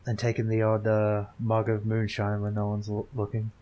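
A man's voice: on the low side, completely flat delivery, moderate pace, mellow, slight background noise. Dry, joking man playing a tabletop game. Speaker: player. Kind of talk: casual tabletop game play.

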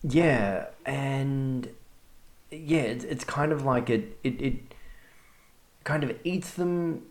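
Guy hosting a chat podcast, jokey and self-deprecating, apologizes a lot, mid pitch. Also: slow, darkish tone. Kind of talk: casual panel discussion.

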